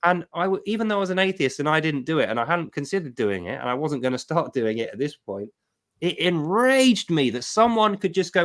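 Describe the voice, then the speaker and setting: A middle-aged man hosting a livestream, telling a personal testimony with emphatic, animated storytelling. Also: on the high side, a little fast. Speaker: livestream host.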